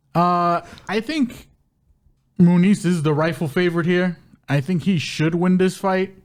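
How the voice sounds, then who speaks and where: Brief: male co-host, slightly high voice, relaxed, rambling, hedges his picks. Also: a little slow. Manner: loose and hedging, lots of "you know". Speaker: podcast co-host, betting analyst. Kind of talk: casual sports-betting chat.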